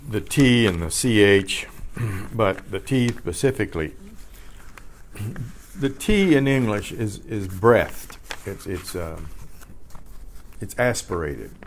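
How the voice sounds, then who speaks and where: An older man leads a beginner language lesson at an unhurried pace. His voice sits somewhat low, and he repeats each practice word several times, clearing his throat often between them. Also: animated, a little hiss or hum. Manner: slow, patient drilling with repeated words and frequent throat clearing. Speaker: Spanish teacher. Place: community class room.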